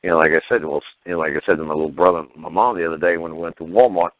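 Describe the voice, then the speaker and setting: A man's voice: low-pitched, steady tone, rapid-fire, no room sound. A man hosting a call-in radio show, telling stories in a blunt, heated, profane way. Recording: phone-like narrow audio.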